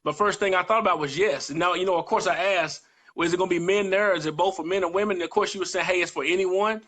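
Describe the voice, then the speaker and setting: High, bright-voiced earnest man. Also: fast. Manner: earnest, repeats phrases for emphasis. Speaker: guest co-host. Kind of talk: live-streamed motivational chat.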